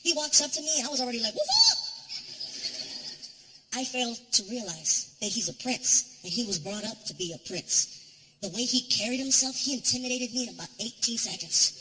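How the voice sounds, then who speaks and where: Thirties male stand-up comic, bright and forceful tone, animated storyteller. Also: extremely high pitch, quick pace, rough recording. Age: 30s. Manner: animated storytelling, big exaggerated voices. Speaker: stand-up comedian. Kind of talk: stand-up comedy.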